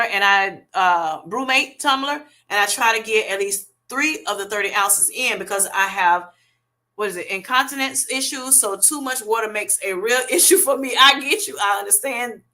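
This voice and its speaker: A woman's voice: medium pitch, normal speed, bright, forceful tone. A middle-aged woman hosting a casual livestream, reading viewer comments and answering in an affectionate, chatty way. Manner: chatty, affectionate, calls viewers honey and baby.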